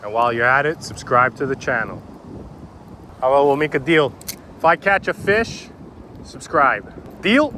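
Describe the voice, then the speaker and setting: A man's voice: mid-range voice, moderate pace, pauses often, sharp tone, slight background noise. A man talking casually to his viewers while fishing outdoors on a river bank. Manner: chatty and informal, addressing viewers as "boys". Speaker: fishing vlogger. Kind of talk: casual vlog commentary.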